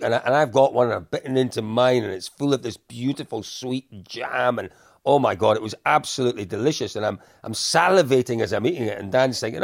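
Gravelly man telling stories. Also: mid-range voice, fast, dry recording, clean studio sound. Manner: animated anecdotes with frequent laughs. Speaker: podcast co-host. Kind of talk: casual storytelling chat.

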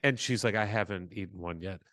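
A man's voice: on the low side, a little fast, dry recording, clean studio sound. A man co-hosting a podcast, telling a story in casual chat and acting out the voices he quotes. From Southern California. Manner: animated, acts out quoted voices. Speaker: podcast co-host.

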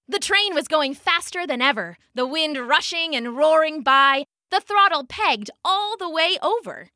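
A woman telling a children's story aloud, animated and expressive, with a high, bright voice that swings widely in pitch. She plays up the sound-effect words, and the recording is dry and close with no room echo. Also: measured pace, few pauses.

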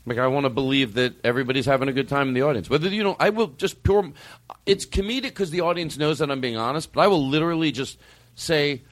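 Profane, animated man in casual chat. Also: medium pitch, fast talker, no echo. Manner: profane, animated storytelling with acted quotes. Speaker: comedian podcast host.

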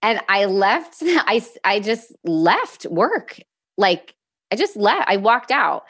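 A woman as a podcast guest, telling a personal story candidly in a halting way, openly emotional and near tears at times. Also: medium pitch, sing-song, a bit bright, slightly rough. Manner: halting, with fillers and restarts.

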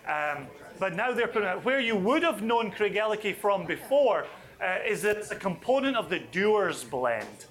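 A man leading a whisky tasting for a live audience, chatty and enthusiastic with quick asides. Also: high-pitched, expressive, a bit bright.

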